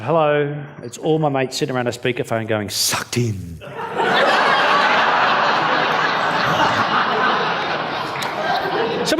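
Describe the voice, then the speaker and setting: A man's voice: fairly high pitch, background noise. An Australian man giving a keynote speech, telling stories in a jokey, blunt way. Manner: jokey, blunt, story-driven. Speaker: keynote speaker.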